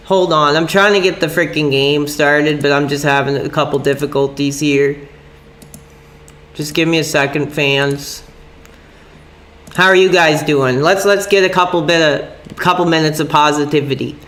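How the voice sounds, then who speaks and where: A young man livestreams from an upstairs room at home, his voice slightly high, pushed, and bright. He rambles in a casual yet agitated way, saying "dude" a lot and using minced swears.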